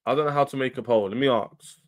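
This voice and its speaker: A man's voice: medium pitch, fast. A man hosting a football livestream, talking casually and animatedly to his chat in slang. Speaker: football channel livestream host.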